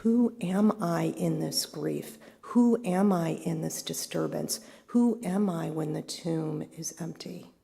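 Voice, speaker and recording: Middle-aged woman, spiritual leader, relaxed sermon, warm dark tone with gravel. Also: sits low. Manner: conversational, reflective, asks the congregation questions.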